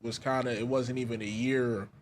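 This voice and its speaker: A man's voice: medium pitch, level tone, moderate pace, a little hiss or hum. A man with a New York accent co-hosting a podcast, telling stories in a laid-back, casual way. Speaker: podcast co-host. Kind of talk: casual chat.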